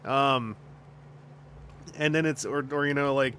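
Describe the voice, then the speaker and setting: Bright-voiced, rambling, jokey male streamer. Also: mid-range voice, fairly even intonation, slow pace, pauses often, smooth. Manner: rambling and jokey, with frequent restarts, laughter and silly put-on voices. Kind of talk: casual stream chat.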